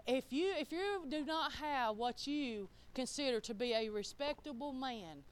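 A woman preaching a sermon, speaking conversationally and swinging between loud emphasis and soft asides. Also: high voice, animated, measured pace, clean tone. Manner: conversational, with colloquial grammar.

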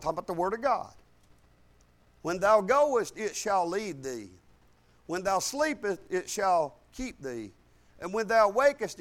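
A male pastor preaching a live sermon, rising loud and high on key points and dropping to quiet asides, with frequent repeated words.

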